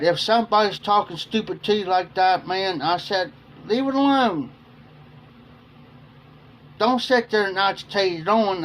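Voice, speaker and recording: A man chats on a livestream, winding through a workplace story and circling back with "I said" over and over. His voice sits a little high for a man. A faint hum of background noise runs under the talk. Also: a bit bright. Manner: rambling, repeats "I said" while retelling. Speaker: livestream host. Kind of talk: casual storytelling to chat.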